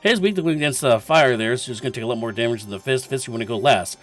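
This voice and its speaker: A man's voice: medium pitch, quick pace, a bit bright. A man commentating a video game tournament, explaining boss strategy step by step in a casual, chatty way and laughing often. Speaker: esports commentator.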